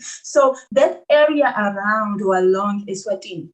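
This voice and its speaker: A woman's voice: mid-range voice, expressive, measured pace, low-quality recording. A young adult South African woman talking animatedly as a podcast guest, laughing often and restarting her sentences. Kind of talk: conversational interview.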